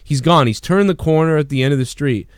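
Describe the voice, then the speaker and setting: Podcast host, male, smooth clear voice, dry close sound; excitable, swears freely, rambles through his anecdote. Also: on the high side, fairly quick, dry recording. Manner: profane, rambling, excitable storyteller. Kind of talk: casual storytelling.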